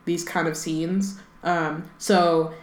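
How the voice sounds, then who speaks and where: A woman's voice: fairly low pitch, little pitch movement, slow pace, reverberant. A woman co-hosting a book podcast, chatting casually and reading passages aloud, with many "like" and "um" fillers and playful asides. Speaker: podcast co-host.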